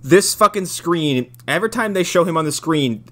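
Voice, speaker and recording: A man's voice: a little high, expressive, normal speed, fairly bright tone. A man co-hosting a casual movie podcast, joking and cursing as he discusses a film. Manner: crude, joking. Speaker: podcast co-host. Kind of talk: casual movie review banter.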